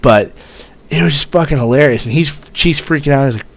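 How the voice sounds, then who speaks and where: A young man at an ordinary middle pitch tells a story to his viewers in a loose, rambling way. He swears freely and fills the gaps with ums and restarts. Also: brisk. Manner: profane, rambling, with many fillers. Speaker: vlogger telling a military story. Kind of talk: casual storytelling.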